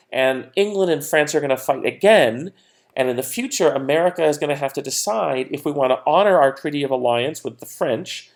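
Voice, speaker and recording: With a voice on the high side and a darkish tone, a man delivers a recorded history lecture as a history teacher. He's conversational and casual, using frequent fillers and putting on playful quoted voices.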